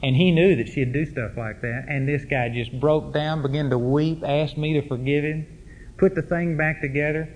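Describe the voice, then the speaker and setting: A man's voice: a little high, fairly even intonation, normal speed, darkish tone, a little hiss or hum. A middle-aged man preaching a sermon, telling personal stories in a folksy, emphatic way. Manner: folksy, emphatic storytelling with rising intensity. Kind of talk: sermon storytelling.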